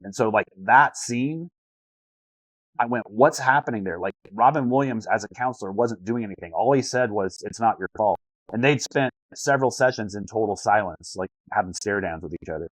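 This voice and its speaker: A man's voice: lowish voice, normal speed, dry recording, low-quality recording. A man talking as a life coach on a video call, earnest, often repeating words as he searches for the phrasing. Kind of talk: casual coaching talk over a call.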